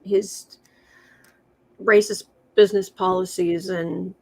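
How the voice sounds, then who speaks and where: A woman's voice: on the low side, steady tone, slow, vocal fry, darkish tone. A woman hosting a casual livestream, reading tarot cards aloud with sarcastic, chatty asides. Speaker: tarot reader and livestream host.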